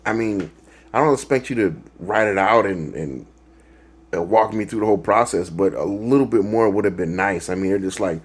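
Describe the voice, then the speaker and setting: A man's voice: lowish voice, normal speed, slightly rough. A man hosting a reaction video, talking in a rambling, casual way with lots of fillers and restarts and laughing at his own jokes.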